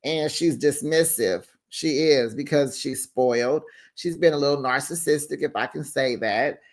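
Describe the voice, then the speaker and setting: A man hosting a reality TV recap in a sassy, animated gossip style, calling people baby and honey. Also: fairly high pitch, moderate pace. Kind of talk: casual recap commentary.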